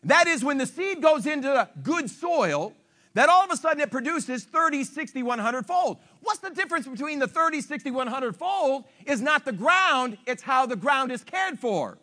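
A man preaching a sermon as pastor, animated and emphatic, teasing his listeners. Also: very high-pitched, moderate pace.

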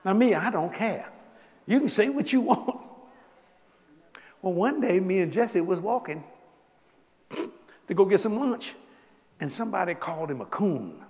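Older Cajun preacher, animated and folksy, slightly high voice, lots of laughter, big reverberant hall. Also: male voice, unhurried, pauses often. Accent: Cajun Southern US. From South Louisiana. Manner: animated, laughing, Southern drawl, rising to exclamations. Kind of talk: folksy storytelling sermon.

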